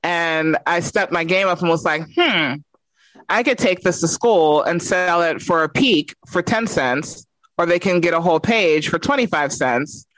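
A woman telling a funny childhood story in a casual chat, animated and laughing as she goes. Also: fairly low pitch, measured pace, no room sound, low-quality recording. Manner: animated, laughs through her stories.

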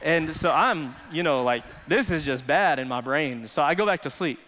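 A man's voice: on the high side, lively intonation, normal speed, a bit bright, in a large hall, slight background noise. A man preaching a sermon as pastor, telling stories in a casual, conversational way full of "like". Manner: conversational storytelling, frequent "like".

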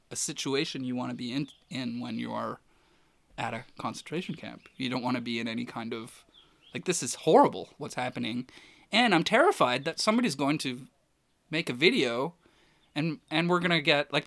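A photographer telling a long story in a casual, rambling way, with many restarts and fillers. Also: male voice, medium pitch, a bit bright, no echo.

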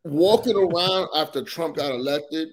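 A man's voice: a little high, moderate pace. A man, a comedian guest on a podcast, in casual chat, slangy and saying "bro" a lot.

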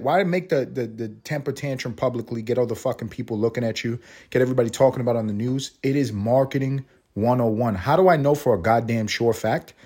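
A young man hosting a solo podcast, ranting casually with lots of profanity and sudden high-pitched exclamations. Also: a little mellow, breathy edge. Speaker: podcast host.

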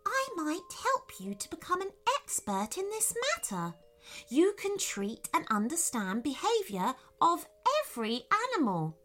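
A woman voicing a kind, caring firefly that speaks softly and reassuringly. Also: high-pitched, sing-song, measured pace, faint music behind, pitched above the performer's own voice, exaggerated voice. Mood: gentle. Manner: soft, gentle and reassuring.

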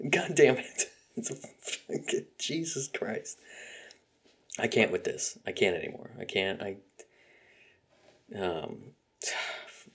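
Male podcast host, deep voice, solo rant, heated and foul-mouthed. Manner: profane, heated ranting; frequent fillers and sarcastic laughs.

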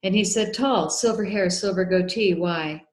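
A woman guest on a podcast, telling a story in an animated way and acting out the quoted dialogue. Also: mid-range voice, moderate pace. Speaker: guest, documentary filmmaker. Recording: echoey room.

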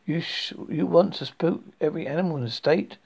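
A man's voice: a little high, brisk, creaky, darkish tone. A man reading a cold, vengeful wife. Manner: curt, cold.

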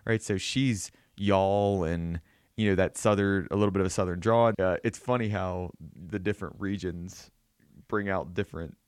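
A man's voice: deep voice, normal speed, dry recording, studio quality. A man with a southwestern Pennsylvania accent, hosting a podcast interview in a loose, chatty way with many fillers. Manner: loose, filler-heavy questioning. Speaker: podcast host. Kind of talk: conversational interview.

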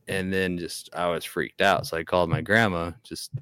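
His voice is low-pitched and level, a bit bright, clear and resonant, and he keeps a moderate pace. This young podcast guest casually tells a ghost story, hesitating, rambling and restarting frequently, in clean studio sound with no room sound.

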